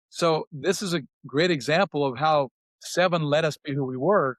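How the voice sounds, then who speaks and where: A man's voice: a little high, brisk, dry recording. Older man telling team stories, dry. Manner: animated, acts out quotes in a raised voice. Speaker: former player sharing memories. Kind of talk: casual storytelling on a podcast.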